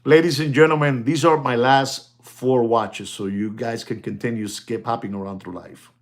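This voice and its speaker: A man selling watches in a casual, rambling talk, often calling out to ladies and gentlemen and laughing as he goes. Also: mid-range voice, fairly even intonation, moderate pace. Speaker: watch dealer. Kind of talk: casual chat.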